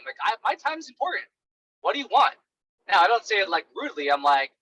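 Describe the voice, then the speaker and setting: Young male sales coach, high voice, bright and forceful, casual and blunt. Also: fast, breathy edge, rough recording. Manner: animated, blunt, many fillers like "right" and "like".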